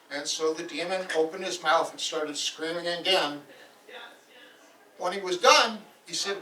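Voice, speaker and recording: A man tells an old saga aloud with lively energy. His voice sits fairly high and reaches the mic from across the room. The hall echoes noticeably. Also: a little slow. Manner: lively, animated telling. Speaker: storyteller. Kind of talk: live oral storytelling of a saga. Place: event hall. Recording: roomy hall, voice from far off.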